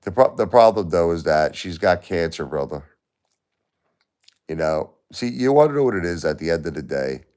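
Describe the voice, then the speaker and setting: Weary and distressed, a man hosting a live stream keeps repeating himself as he talks emotionally to chat. His voice is low, animated and a little mellow, at a moderate pace.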